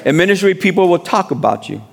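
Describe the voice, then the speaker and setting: A man's voice: sits high, very animated, fast, vocal fry. A man preaching as a guest speaker, exhorting the congregation with repeated calls of amen and plain, informal speech. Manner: exhorting, with call-and-response "amen"; informal street-style speech. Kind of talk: sermon.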